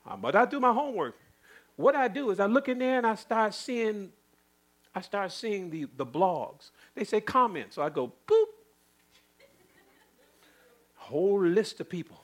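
High-voiced, lively male preacher. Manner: animated, rhetorical questions to the congregation; chuckles while preaching, swings from loud to hushed. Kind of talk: sermon.

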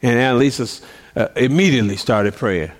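This middle-aged preacher speaks at medium pitch and a fairly quick clip, storytelling in a sermon. He voices the people in the tale himself, laughing along the way.

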